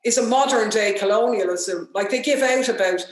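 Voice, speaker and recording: An Irish woman, a politician, giving an impassioned and indignant speech over a video call, talking in quick forceful bursts. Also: fairly high pitch. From Ireland. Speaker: politician speaking at a webinar. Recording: very echoey room.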